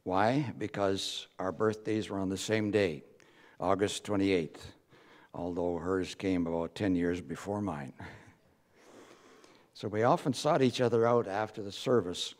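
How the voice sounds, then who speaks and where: Slow, deep-voiced man giving a tribute. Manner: slow and hesitant, with many "uh" pauses. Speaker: church member giving a tribute. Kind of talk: informal eulogy remarks. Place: church.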